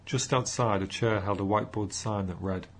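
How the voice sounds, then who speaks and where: Male audiobook narrator, low husky voice, measured delivery. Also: steady tone.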